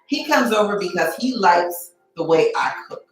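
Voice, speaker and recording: A woman's voice: lowish voice, big pitch swings, normal speed, soft background music. A middle-aged woman hosting a casual live cooking stream from her home kitchen, teasing and chatting with viewers by name. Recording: echoey kitchen.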